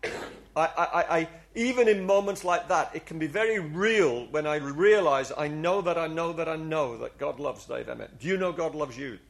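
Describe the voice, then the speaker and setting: Here a preacher with a slightly high, gravelly voice talks at an ordinary pace to a congregation in church. Earnest and confessional, he keeps restarting his sentences and has the people respond to him in unison.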